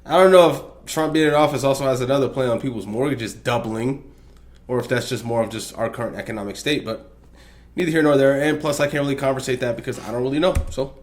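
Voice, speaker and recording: A man hosts a reaction video, talking loosely and chatting with slang and filler. His pitch sits in an everyday middle range. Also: quick pace. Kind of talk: casual reaction commentary.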